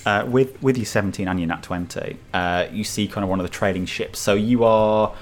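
A man's voice: on the low side, a little fast. A man narrating as dungeon master in loose, filler-heavy descriptions. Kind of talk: narrating a tabletop game.

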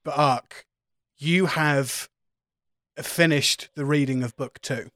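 A man's voice: medium pitch, slow, pushed and bright, no echo, clean studio sound. A man narrating as game master of a tabletop role-playing game, laughing along with his players.

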